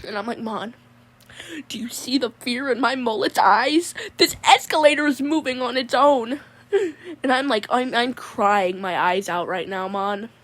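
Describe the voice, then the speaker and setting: With a slightly high, somewhat bright voice at an unhurried pace, a woman performs a comedic monologue as a goofy young guy with a mullet. The character is laid-back and rambling, drawling his words and repeatedly addressing people as "mon."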